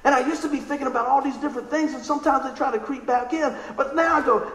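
Excitable high-voiced preacher man. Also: fast talker, few pauses, echoey room, rough recording. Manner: animated, excitable storytelling; conversational, asks the crowd questions. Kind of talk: sermon.

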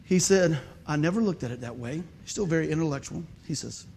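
A man's voice: on the high side, animated, brisk, vocal fry, a little mellow, husky. A man preaching a sermon, telling a folksy story and joking with the congregation. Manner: folksy, conversational, joking with the audience.

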